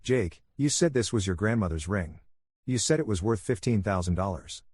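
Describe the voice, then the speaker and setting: A man's voice: on the low side, expressive, moderate pace, darkish tone, breathy edge, no echo, studio quality. A man voicing a bitter young woman who has just broken off her engagement, barely changing his own voice. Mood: desperate.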